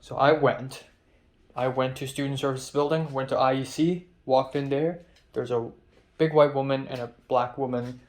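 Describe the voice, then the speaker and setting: A man's voice: mid-range voice, steady tone, moderate pace. A young man talking casually to the camera in a diary-style vlog, rambling and off-hand, with lots of fillers. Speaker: vlogger.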